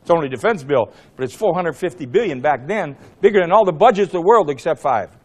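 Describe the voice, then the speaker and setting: Animated older man telling a rally story. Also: on the high side, fast. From Ohio, USA. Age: 70s. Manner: animated, acts out quoted exchanges, blunt and profane. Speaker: former congressman speaking at a rally.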